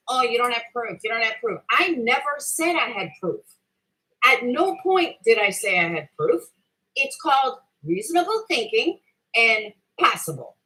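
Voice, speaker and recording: Here a middle-aged woman hosts a livestream, combatively going after her chat with heavy cursing while defending herself and pressing her point repeatedly. The voice sits high and sounds pushed and bright, and the audio is poor.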